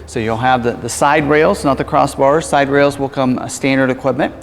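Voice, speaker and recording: A man's voice: mid-range voice, steady tone, a little fast. Car salesman doing a walkaround, lots of uh's and restarts, echoey sound with faint noise behind. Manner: casual, explanatory, frequent fillers and self-corrections. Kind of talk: vehicle walkaround demonstration.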